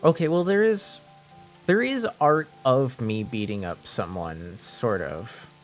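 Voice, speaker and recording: Slow-talking joking male streamer. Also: mid-range voice, faint music behind. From French Canada. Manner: rambling, joking, repeats himself. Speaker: live streamer. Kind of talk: casual stream chat.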